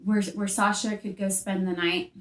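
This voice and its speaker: A woman, a paranormal investigator, speaking calmly with brief acknowledgments and instructions. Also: medium pitch, normal speed, reverberant.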